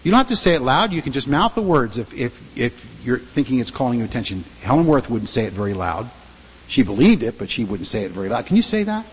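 Man, pastor, sermon, emphatic, rhetorical questions, husky, long church reverb. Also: medium pitch, big pitch swings, quick pace.

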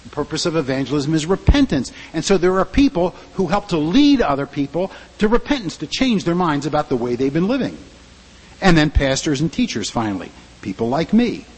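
A male pastor delivers an emphatic sermon, firing rhetorical questions at his congregation. His voice runs high and swoops through a wide range of pitch, with a husky grain. Long reverb trails each phrase through the sanctuary. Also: big pitch swings, a little fast, darkish tone.

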